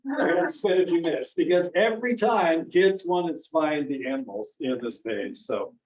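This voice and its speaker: At a library event room, a middle-aged children's author from Maine tells stories to kids and their families, playing out quoted voices with lots of animation. His voice runs on the high side at a moderate pace. It was recorded from far away, sounding dull with room echo.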